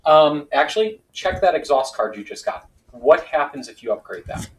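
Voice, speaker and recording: A man hosting a board game session, chatting casually, reading out rules and telling stories with lively acted-out quotes. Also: fairly high pitch, normal speed, low-quality recording. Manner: animated storyteller, acts out quoted voices. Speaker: board game player and host.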